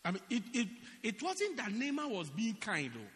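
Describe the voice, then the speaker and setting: A man preaching a sermon, animated and joking with the congregation. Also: high voice, normal speed. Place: church hall. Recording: reverberant church hall.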